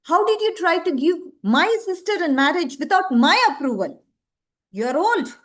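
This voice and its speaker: A woman's voice: high-pitched, big pitch swings, measured pace, dark tone. Woman voicing an indignant young son. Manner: scolding, insistent.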